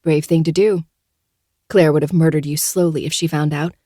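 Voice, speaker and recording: A woman's voice: low voice, steady tone, moderate pace, dark tone, dry recording, clean studio sound. A woman voicing a tired grown man with a wry, amused manner.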